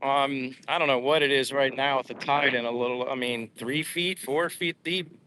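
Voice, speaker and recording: On his daily walk along a seaside boulevard, an American man chats casually on a live stream, reading viewer comments aloud with plenty of fillers. His medium-pitched voice is bright and forceful, with fairly even intonation and a moderate pace. There's slight background noise.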